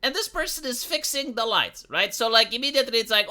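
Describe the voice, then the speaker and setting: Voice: medium pitch, lively intonation, brisk, sharp tone. A streamer from Romania, ranting in a video commentary, indignant and full of fillers and restarts.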